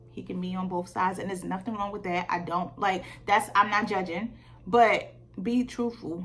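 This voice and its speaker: A woman vlogger telling a dating story in a candid, animated way, with lots of fillers. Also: mid-range voice. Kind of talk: casual storytime vlog. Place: Georgia.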